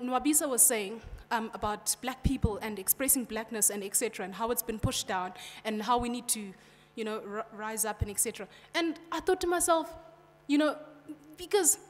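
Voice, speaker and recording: A young woman from South Africa with a British-sounding South African English accent, giving a passionate conference speech in a direct way, often saying "you know". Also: high-pitched. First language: Xhosa. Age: young adult. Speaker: student speaker. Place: large hall. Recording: long hall reverb.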